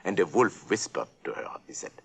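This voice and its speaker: A man's voice: low voice, very animated, fairly quick, vocal fry, a bit bright, slightly rough, full character voice. An actor playing an eccentric old male duck professor, rambling and giggling as he tells a storybook tale. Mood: playful. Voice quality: giggly, rambling, self-correcting. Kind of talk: storybook narration for a talking toy.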